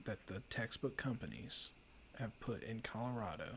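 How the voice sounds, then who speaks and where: A man's voice: on the low side, lively intonation, moderate pace, gravelly, fairly bright tone, a little hiss or hum. A man chatting casually while playing a video game, swearing and panicking at times. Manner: swears a lot, panicky outbursts. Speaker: let's play host. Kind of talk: casual gameplay chat.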